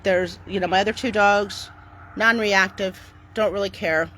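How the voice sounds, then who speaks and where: Outdoors on her property, a middle-aged woman who vlogs about her dogs talks casually to camera, chatty and upbeat, turning bright and cheery when greeting them. Her mid-range voice keeps fairly even intonation at normal speed, with a little hiss or hum.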